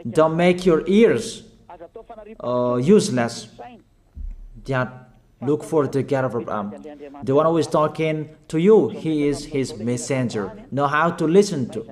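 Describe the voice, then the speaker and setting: A man preaching a sermon in halting non-native English, urging his listeners with short, repeated commands and pausing on fillers. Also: a little high, a little mellow. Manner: emphatic, repetitive exhortation with short commanding phrases.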